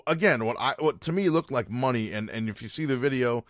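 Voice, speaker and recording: A man's voice: medium pitch, a little fast, no echo, studio quality. A man hosting a podcast, telling a story as a casual rant in a blunt, profane and exasperated way. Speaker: podcast host.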